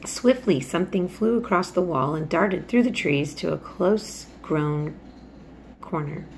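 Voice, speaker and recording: A woman reading a children's novel aloud, unhurried and steady, with small slips. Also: on the low side, slight background noise. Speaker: storybook reader.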